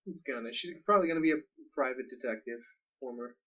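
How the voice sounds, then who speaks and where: An easygoing man co-hosts a casual podcast, tossing in quick asides with a slightly husky voice. He sits a bit away from the microphone. The recording is dull and lo-fi. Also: medium pitch. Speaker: podcast co-host. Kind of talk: casual chat. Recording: distant, dull lo-fi mic.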